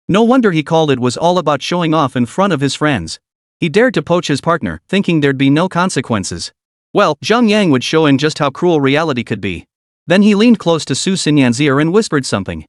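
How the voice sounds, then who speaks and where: A man narrating a scripted comic story recap in an even storytelling manner. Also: on the high side, no echo, studio quality.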